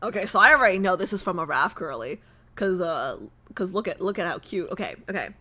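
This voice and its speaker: A woman's voice: lowish voice, animated, fairly quick, pushed and bright. A young woman streamer chatting casually on a live stream, nervous and rambling, repeating herself.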